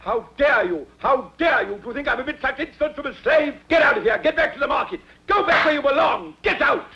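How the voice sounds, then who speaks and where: An actor playing a furious, tyrannical Egyptian master who screams threats at a slave. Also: male voice, animated, brisk, creaky, bright, forceful tone, muffled recording, full character voice. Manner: screaming threats, shrill and frantic.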